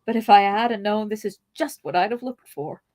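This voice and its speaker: A woman's voice: medium pitch, fairly quick, a little mellow, natural voice. A woman reading as a plucky rustic hobbit. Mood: grumbling. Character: loyal rustic male hobbit servant, plucky.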